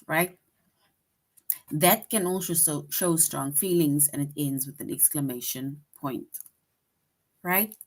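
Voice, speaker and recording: A woman's voice: on the low side, fairly bright tone. A woman teaching a grammar lesson to young children, patient and repetitive, checking in with "right?" after each point.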